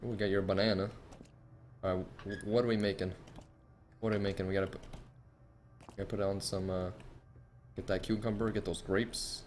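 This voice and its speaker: Low-voiced man swearing through a horror game. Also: flat delivery, fairly quick, pauses often, a little hiss or hum. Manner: profane, jumpy running reactions. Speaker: streamer. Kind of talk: live gameplay commentary.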